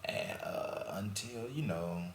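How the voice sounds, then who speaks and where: A young man co-hosting a casual podcast, telling a personal story and giving frank advice in relaxed slang. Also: on the low side, slow pace. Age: young adult. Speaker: podcast co-host. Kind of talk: casual chat. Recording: echoey room with faint noise.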